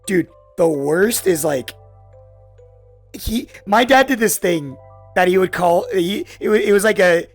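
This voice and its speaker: A man co-hosting a podcast in casual, animated chat, swearing and saying "dude" often. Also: high-pitched, a little slow, faint music behind. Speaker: podcast co-host.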